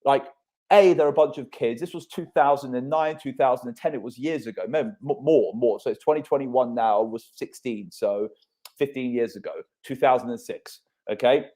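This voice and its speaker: A man's voice: mid-range voice, moderate pace, dark tone. A man in his thirties hosting a casual podcast chat, telling stories animatedly and swearing freely.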